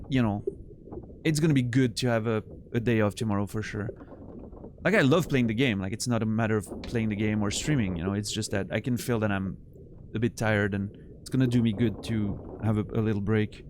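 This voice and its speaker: A man's voice: fairly low pitch, steady tone, moderate pace, background noise. A tired, yawning man streaming a game, rambling and teasing his viewers in casual chat. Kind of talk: casual chat while playing.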